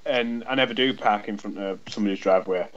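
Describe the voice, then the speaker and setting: A man's voice: fairly low pitch, quick pace, a bit bright, slight background noise. Chatty guy rambling thru a story, does both sides of convos, kinda muffled recording. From England. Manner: rambling, swears casually, acts out both sides of dialogue. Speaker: podcast co-host. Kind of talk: casual chat, storytelling anecdote.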